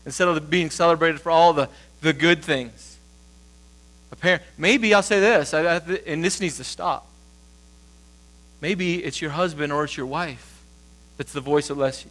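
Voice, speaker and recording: Male pastor, high-pitched, casual storytelling sermon, light electrical hum behind. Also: a little slow, long pauses, fairly bright tone. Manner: conversational storytelling, acting out quoted voices. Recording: low mains hum.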